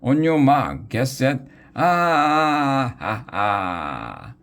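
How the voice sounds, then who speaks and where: A man voicing a frantic male camp headmaster who shouts orders and panics. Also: sits low, animated, normal speed. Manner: bossy, then panicked yelling.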